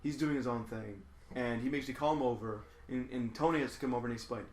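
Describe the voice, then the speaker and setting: A man's voice: medium pitch, fast, darkish tone. A young man casually complaining about a customer at his retail job, swearing often. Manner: profane, exasperated storyteller. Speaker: podcast co-host. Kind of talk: casual chat. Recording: echoey room.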